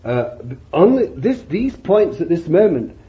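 A preacher delivers a fervent sermon, leaning hard on his words and reading scripture aloud. His voice sits high and swoops widely in pitch. The recording is dull and lo-fi. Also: sing-song, a little slow.

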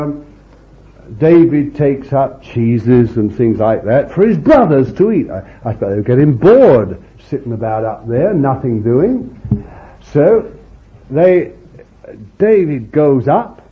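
A man's voice: medium pitch, very animated, slow. A man preaching an informal Bible storytelling sermon in a chatty, homely way, with frequent asides to his listeners. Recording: dull lo-fi recording.

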